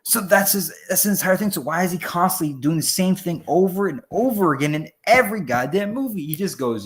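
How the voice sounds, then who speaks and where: A man's voice: high-pitched, a little fast, few pauses. A man talking as a podcast guest in a casual chat, rambling and profane, acting out voices as he goes. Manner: rambling, profane, animated, acts out character voices.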